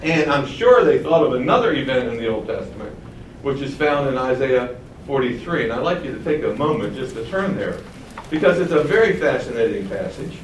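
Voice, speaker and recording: Conversational preacher in a roomy hall. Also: male voice, mid-range voice, animated, fairly quick, slight background noise. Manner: conversational, chuckling asides. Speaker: preacher teaching the Bible. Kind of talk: sermon, Bible teaching. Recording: roomy and distant, faint ambience.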